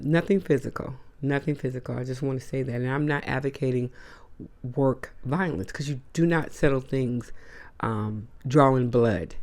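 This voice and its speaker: A woman's voice: a bass voice, darkish tone. A woman hosting a casual monologue to camera, blunt and emphatic, with slangy asides. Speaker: host.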